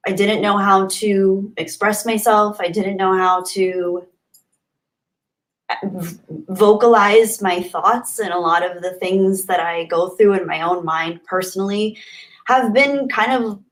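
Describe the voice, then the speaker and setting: A woman's voice: mid-range voice, low-quality recording. A young woman chats on her livestream, answering viewer comments one after another. She talks in a gushing, heartfelt way, with plenty of fillers and restarts. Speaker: livestream host. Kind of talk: casual livestream chat reading comments.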